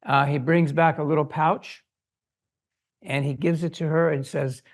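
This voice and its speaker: A man's voice: a little high, a little slow. An older man giving an academic lecture to an audience, telling a story and acting out the voices he quotes. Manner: animated, acts out quoted voices. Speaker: guest lecturer. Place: lecture hall.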